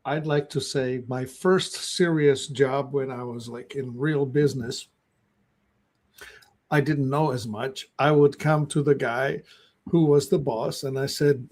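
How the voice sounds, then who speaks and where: A man co-hosting a podcast, reflective and explaining ideas in short, measured phrases. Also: medium pitch, fairly even intonation, darkish tone. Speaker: podcast co-host. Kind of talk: casual podcast chat.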